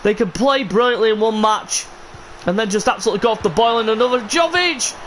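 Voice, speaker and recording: Frustrated streamer, man, calls his own game with sudden shouts; light background hiss. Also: sits high, fairly even intonation, fast. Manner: frustrated, exasperated, bursts into shouts. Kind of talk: live game commentary.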